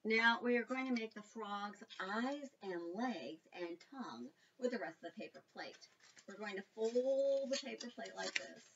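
A woman leading a children's storytime and craft lesson, animated and sing-song, talking directly to small children. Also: mid-range voice, unhurried, far from the mic, highs cut off, a little hiss or hum. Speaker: children's librarian.

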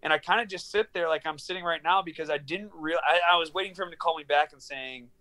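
Guy in his 30s on a video call, slightly higher voice, swears a lot, tells the story acting out every line. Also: quick pace. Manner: animated, profane, acts out dialogue. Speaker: guest, professional fighter. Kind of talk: casual storytelling interview. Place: small studio apartment.

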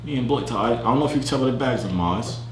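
A man's voice: mid-range voice, very fast. A young man hosting a video chat prank, talking playfully in a put-on British accent with mock-casual slang over a desk mic. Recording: roomy echo, faint background hum.

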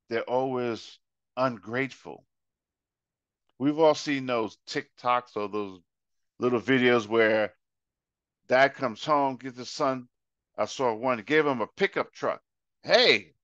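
A man preaching a casual Bible study with a bright, forceful voice, acting out little scenes and repeating lines for emphasis. The sound is dry and a bit dull. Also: medium pitch, no echo. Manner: illustrates with acted-out examples and repetition. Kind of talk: conversational sermon.

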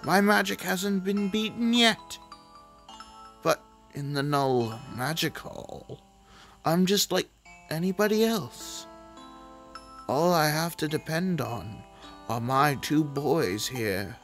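A gamer voicing a desperate middle-aged father and mage with a put-on accent, slow and pleading over game music. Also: medium pitch, lively intonation, fairly bright tone.

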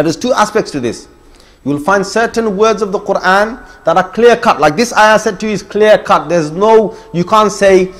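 A middle-aged man giving an emphatic Islamic lecture, listing points and challenging his listeners directly. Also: sits high. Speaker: Islamic preacher. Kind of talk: religious lecture.

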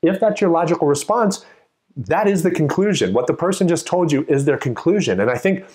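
A man's voice: on the high side, expressive, fairly quick, a little mellow. A man teaching a test-prep lesson in a casual, conversational way, acting out short imagined exchanges as he explains. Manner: conversational, acts out quoted exchanges. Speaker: GMAT tutor.

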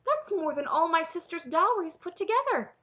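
A woman's voice: mid-range voice, animated, normal speed, sharp tone. A woman narrator voicing a young princess who speaks firmly and matter-of-factly. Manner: firm and matter-of-fact. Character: young princess, firm, practical, unconventional.

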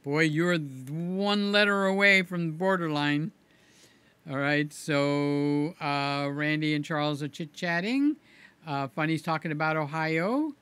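A man's voice: a little high, measured pace, fairly bright tone, clear, resonant tone, no echo. A man hosting a casual livestream, rambling as he reads out viewer comments, with a slight slur to his words. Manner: rambling, chatty, repeats himself. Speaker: livestream host.

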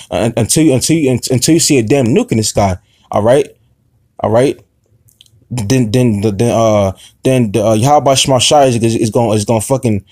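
A man preaching an informal sermon, halting with many fillers and restarts, confrontational and profane. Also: medium pitch, a little mellow, dry recording, clean studio sound.

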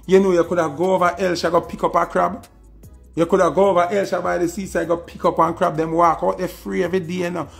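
A social media personality with a Jamaican accent rants in a diss video, his high, creaky voice full of scorn. He taunts his target and keeps repeating the insults.

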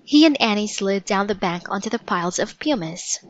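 A woman narrating a storybook in a measured, vivid read-aloud manner. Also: mid-range voice, animated, no room sound, rough recording.

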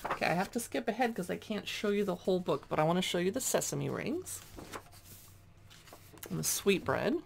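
A chatty, expressive woman flips casually through a cookbook, reading dish names aloud and adding quick asides. Her gravelly-edged voice moves around a lot in pitch, with faint noise behind her.

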